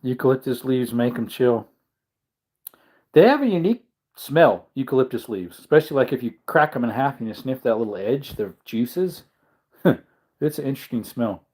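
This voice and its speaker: A man's voice: mid-range voice, expressive, moderate pace, darkish tone, slightly rough. A tired, yawning man hosting a casual livestream, rambling and chuckling as he reads out chat comments. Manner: rambling, chuckling, musing aloud. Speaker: livestream host.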